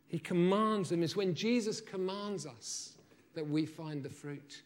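A man delivering a sermon in a voice a little higher than most men's. He tells the story with animated emphasis, acting out the characters' lines and turning to the congregation with questions. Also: unhurried. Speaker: preacher.

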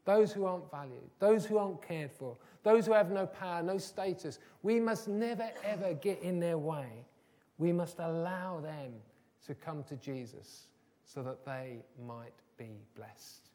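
A man's voice: on the high side, animated, a little slow, dark tone. A man preaching a sermon, earnest and building to emphatic, repeated phrases. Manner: earnest, rising to emphatic repetition.

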